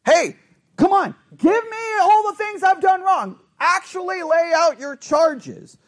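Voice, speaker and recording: A man's voice: very high voice, expressive, slow, voice pushed up, heavily acted. A man voicing God as a frustrated, challenging figure who demands that his people state their case. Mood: demanding. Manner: urgent, pleading-challenging.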